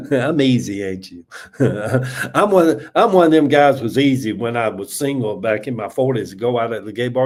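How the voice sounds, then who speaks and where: Speaking from home on a morning livestream, this Southern US host in his seventies has a medium-pitched, expressive, darkish voice. He talks a little slowly with frequent pauses, keeping things casual and folksy and laughing a lot.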